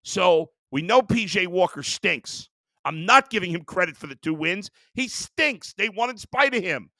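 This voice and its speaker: A man's voice: sits high, animated, moderate pace, pushed and bright, no room sound, studio quality. A man hosting a sports show, ranting in a heated, exasperated way about his team. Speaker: sports talk host. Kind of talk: sports rant.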